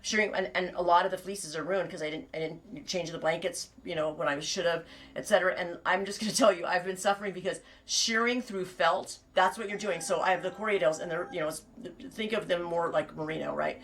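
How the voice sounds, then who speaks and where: A woman's voice: fairly low pitch, fairly even intonation, fairly quick, a bit bright. A middle-aged woman, a sheep farmer, chatting in a rambling, digressive way on a live stream, laughing often and restarting her sentences. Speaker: sheep farmer and knitting vlogger.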